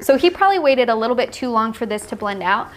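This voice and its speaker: A woman's voice: on the high side, lively intonation, fast talker. A woman teaching a live watercolor painting class, explaining steps patiently and laughing often. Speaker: art instructor.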